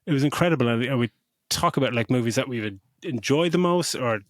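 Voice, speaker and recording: A man's voice: medium pitch, fast, dry recording, studio quality. A middle-aged man co-hosting a podcast, gushing about a film in casual chat and swearing freely. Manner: effusive, swears freely, animated retelling. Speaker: podcast co-host. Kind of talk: casual movie review chat.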